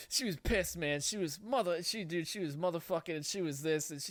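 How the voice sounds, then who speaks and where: A man's voice: a little high, a little fast, few pauses, no room sound. A man telling a story on a podcast in a casual, rambling way, swearing and laughing often. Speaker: podcast host. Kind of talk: casual chat.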